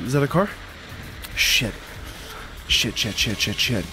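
A man narrating his own gameplay in a casual, jumpy way, quick to curse and laugh when something startles him. His voice sits at an ordinary middle pitch, recorded at home with a desktop mic and faint music underneath. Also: animated, sharp tone. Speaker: let's play gamer. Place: room at home.

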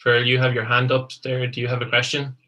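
A man's voice: mid-range voice, monotone, quick pace, sharp tone, far from the mic. A man moderating an online lesson, politely and apologetically stepping in to pass on a question.

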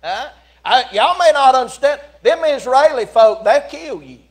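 A man preaches in a church, his voice sitting fairly high for a man. He tells the story in a folksy, animated way, swinging from loud calls to hushed asides. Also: normal speed. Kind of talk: sermon. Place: church sanctuary.

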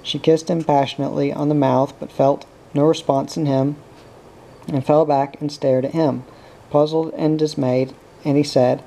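A man narrating a novel aloud in a steady, even reading voice. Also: on the high side, normal speed, creaky, rough recording. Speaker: audiobook reader.

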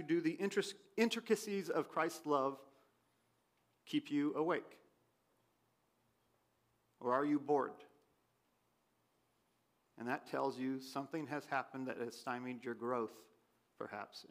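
A pastor preaching a sermon in a church, his voice swinging from loud questions to quiet asides. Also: fairly high pitch, steady tone, unhurried, pauses often. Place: church sanctuary.

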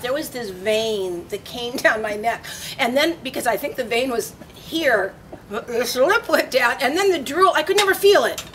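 High-voiced older woman telling stories. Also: recorded from a distance, a little hiss or hum. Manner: animated, laughing, acts out voices in her anecdotes. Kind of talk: casual interview storytelling.

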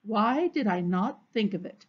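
A woman's voice: mid-range voice, expressive, a little slow, husky. A woman voicing an exasperated, sarcastic male police captain in a storybook read-aloud. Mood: exasperated sarcasm. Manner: sarcastic, clipped. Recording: dull, muffled recording.

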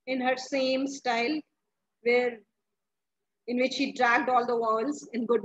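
A woman's voice: high-pitched, a little slow, long pauses, fairly bright tone, slightly rough, dull audio. A woman, a teacher explaining a story to her class, asking questions and often restarting her sentences. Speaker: English teacher.

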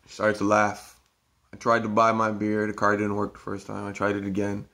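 A man tells a rambling story from his day in a gravelly, lowish voice. He talks haltingly and keeps restarting his sentences, with a swear word here and there. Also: monotone, sharp tone. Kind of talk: casual storytelling monologue.

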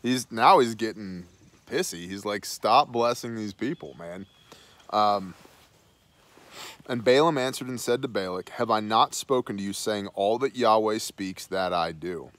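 A man's voice: fairly low pitch, a little slow, a bit bright. A man hosting a Bible study, reading scripture aloud and then dropping into slangy, casual asides.

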